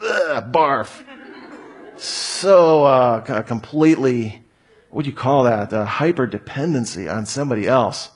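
A man's voice: medium pitch, animated, a little slow, breathy edge. A man giving a humorous lecture to an audience, full of rhetorical questions and joking asides. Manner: rhetorical questions, jokey asides, mock voices. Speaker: speaker giving a talk.

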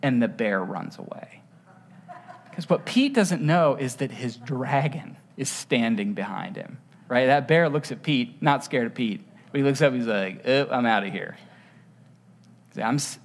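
A preacher giving a casual, chatty sermon whose pitch rises and falls in wide swings. The delivery is lively, with rhetorical questions tossed to the congregation and stories acted out with little sound effects. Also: measured pace. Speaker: pastor. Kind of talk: conversational sermon.

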